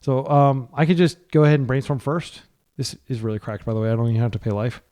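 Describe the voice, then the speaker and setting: With a quick pace and a dark, steady tone in his mid-range voice, an American gameplay commentator talks through his card game live. He thinks aloud in a chatty way and keeps correcting himself mid-play.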